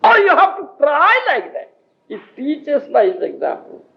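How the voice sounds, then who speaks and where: A man's voice: extremely high pitch, wildly swooping pitch, a little slow, gravelly. A man from India with an Odia accent, giving a scriptural lecture to devotees, emphatic, often asking the audience if they understand and laughing. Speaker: spiritual teacher giving a lecture. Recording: dull lo-fi 1980s tape recording.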